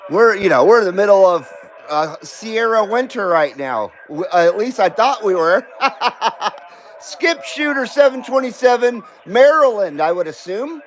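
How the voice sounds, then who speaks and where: High-voiced laid-back man hosting a livestream. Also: expressive, unhurried, low-quality recording. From Southern California. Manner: laid-back, profane, greets viewers by name. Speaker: host of a live CB radio stream. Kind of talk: casual live-stream chat greeting viewers. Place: home in Carson City.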